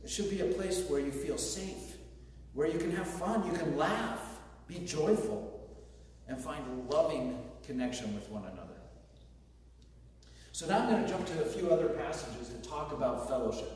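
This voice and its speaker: A pastor delivering a conversational sermon with joking asides, speaking to a congregation. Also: male voice, a little high, lively intonation, moderate pace, darkish tone. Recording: very echoey hall, distant mic, faint noise.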